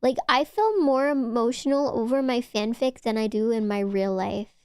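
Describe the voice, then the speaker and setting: A woman's voice: fairly high pitch, moderate pace, a little mellow, clean tone, no echo, clean studio sound. A woman streamer chatting casually with her viewers, rambling, playful and swearing freely. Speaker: VTuber streamer. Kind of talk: casual livestream chat.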